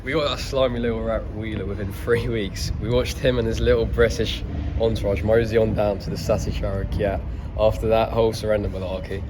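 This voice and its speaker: A man's voice: fairly low pitch, flat delivery, brisk, close to an everyday voice. A man playing a boastful, gloating rebel leader in an improvised comedy sketch, using casual slang. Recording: noisy background.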